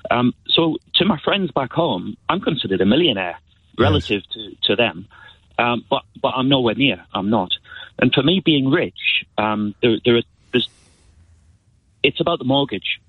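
A man's voice: medium pitch, animated, moderate pace, slightly rough, dry recording. A man from northeast England calling in to a radio show, talking in an earnest, hesitant way, with a northeast English accent. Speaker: caller. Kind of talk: phone-in call. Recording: tinny phone line.

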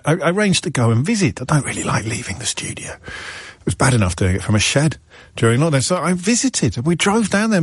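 A man's voice: medium pitch, no echo, clean studio sound. A middle-aged man hosting a radio phone-in show, telling stories in a wry, rambling way and correcting himself as he goes. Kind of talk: chatty on-air monologue. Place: radio studio.

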